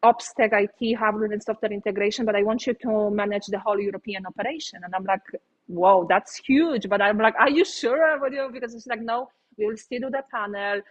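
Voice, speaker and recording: A woman from Poland with a Polish accent, an interview guest telling her career story in a lively, chatty way with frequent fillers. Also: medium pitch, quick pace, few pauses, highs cut off.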